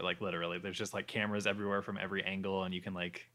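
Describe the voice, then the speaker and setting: A man's voice: low voice, flat delivery, rapid-fire, a bit bright. A man co-hosting a podcast, chatting casually and enthusiastically, rambling with fillers as he goes. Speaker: podcast co-host. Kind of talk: casual chat.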